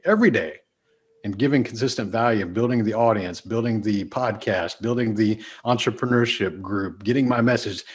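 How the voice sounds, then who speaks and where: Appearing as a podcast guest, this business speaker has a mid-range, slightly rough voice and a Texas accent. His talk is casual and emphatic, and he frequently shifts his pace and loudness.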